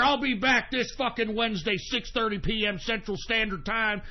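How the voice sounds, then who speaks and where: A man hosting an internet radio show in a furious, profane rant, cursing constantly and swinging from screamed outbursts to low grumbling while drinking beer. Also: animated, fairly quick, hardly any pauses, highs cut off. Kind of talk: angry profane on-air rant.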